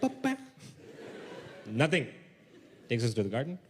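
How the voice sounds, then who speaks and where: A young man from India doing a stand-up comedy set, telling a story with sudden shouted outbursts and mock voices. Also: medium pitch, huge pitch swings, unhurried, a little hiss or hum.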